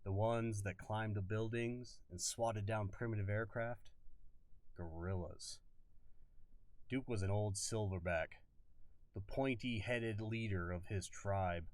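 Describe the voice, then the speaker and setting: A man's voice: on the low side, slow, no echo, recorded from a distance. A man reading a novel aloud on a live stream, stumbling and rereading lines now and then. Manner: stumbles and rereads, comments on himself.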